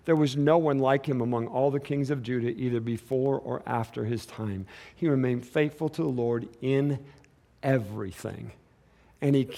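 A man preaching a sermon in a casual, animated way, acting out quotes as he goes. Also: medium pitch, gravelly. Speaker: pastor.

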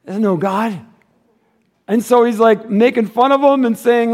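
High-voiced joking pastor preaching. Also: male voice, measured pace. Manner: animated and joking, then dropping to a hushed earnest tone. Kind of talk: sermon.

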